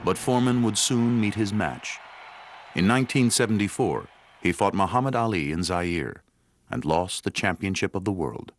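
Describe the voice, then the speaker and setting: A man giving measured, scripted narration for a sports documentary. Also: low voice, no echo. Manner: measured, even storytelling delivery. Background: music bed.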